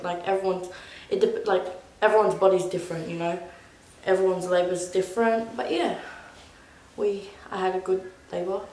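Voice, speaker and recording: Here a young woman with a lowish, somewhat dark voice tells a personal story for her vlog. She wanders off track and fills her speech with "like." There's noticeable echo in the room.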